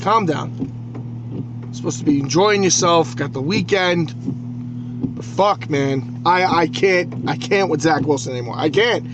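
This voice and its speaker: High-voiced and hot-tempered, a new male podcaster rants about sports with swearing and stammering restarts. He keeps a measured pace despite it all, and there's noise behind him.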